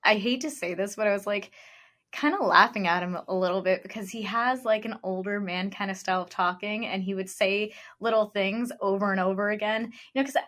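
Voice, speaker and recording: A woman co-hosts a podcast in casual, enthusiastic chat, often dropping "like" mid-sentence. Her mid-range voice is fairly quick and fairly bright.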